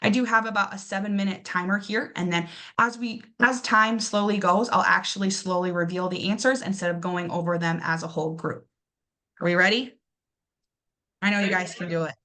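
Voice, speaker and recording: A young woman teaching a pronunciation lesson, patiently encouraging her students and repeating each word slowly. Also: medium pitch, fairly even intonation, sharp tone.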